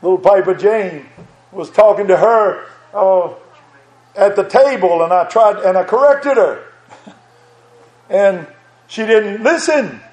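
In an echoing church, an elderly male preacher reads from scripture and repeats himself to press his message with earnest conviction. His voice sits fairly high, yet the tone is darkish, and he takes things slowly with long pauses.

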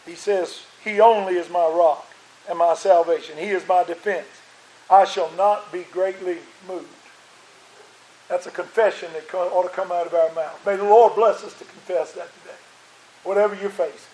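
High-voiced preacher in an echoey church. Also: male voice, fairly even intonation, normal speed, dark tone. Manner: preaching with rising emphasis and repeated phrases. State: strained voice. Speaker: pastor. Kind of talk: sermon. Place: church sanctuary.

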